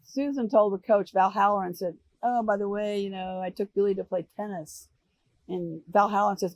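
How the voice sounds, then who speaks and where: An older American woman answering interview questions, telling animated stories and acting out the voices of people she quotes. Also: medium pitch, moderate pace, no echo. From United States. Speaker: interview guest. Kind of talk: relaxed storytelling interview.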